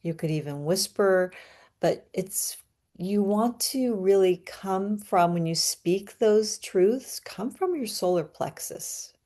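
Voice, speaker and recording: A woman giving an astrology reading and guiding a breathing ritual in a calm, soothing, unhurried way. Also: mid-range voice. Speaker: astrology reader. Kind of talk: guided breathing and astrology talk.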